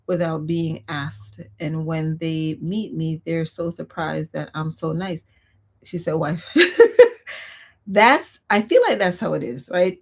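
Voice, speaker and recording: Husky-voiced woman chatting on a livestream. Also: sits low, a little slow. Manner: chatty, expressive, reads viewer comments aloud. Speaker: livestream host. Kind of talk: casual storytelling chat.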